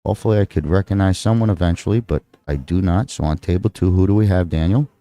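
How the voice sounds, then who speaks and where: A man's voice: sits low, quick pace, mellow. A man with a Texan accent calling a live pool match, rambling and joking with his co-host between shots. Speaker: pool commentator. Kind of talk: live play-by-play commentary.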